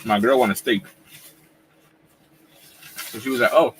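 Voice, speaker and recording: A man in his forties hosting a casual live wrestling reaction chat at home, talking in relaxed slang while he eats. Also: medium pitch, slow, slight background noise, low-quality recording. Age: 40s. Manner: laid-back slangy talk, eating while talking. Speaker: wrestling YouTuber host.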